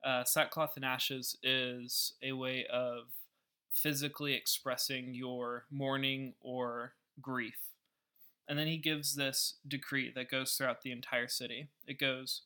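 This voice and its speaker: A man's voice: medium pitch, level tone, slow pace, sharp tone, clear, resonant tone. A man and podcast host who explains a scripture story in a casual, wry way, with asides. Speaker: podcast Bible teacher.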